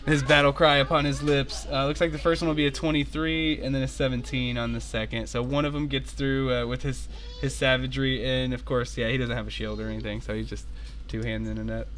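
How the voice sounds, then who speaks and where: A young man runs a tabletop game in a loose, rambling way and laughs often. His voice is bright and forceful. Faint noise sits behind him. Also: mid-range voice, little pitch movement, brisk. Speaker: game master. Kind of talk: running an online tabletop game.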